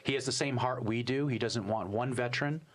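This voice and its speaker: A man's voice: mid-range voice, brisk. Chatty man co-hosting a podcast. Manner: warm, chatty, introduces and prompts the guest. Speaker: podcast co-host. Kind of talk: casual podcast interview.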